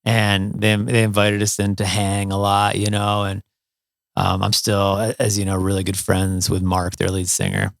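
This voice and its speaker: A man's voice: on the low side, monotone, moderate pace, gravelly, no room sound, clean studio sound. A middle-aged man from Ohio, a musician, telling stories in a casual interview, with many fillers and restarts. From Toledo, Ohio, USA. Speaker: guest, musician.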